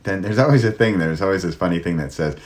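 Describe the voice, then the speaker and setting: A middle-aged man hosting his own solo talk, shifting his pace and loudness and dropping to near whispers to show how pauses work. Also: deep voice. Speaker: host.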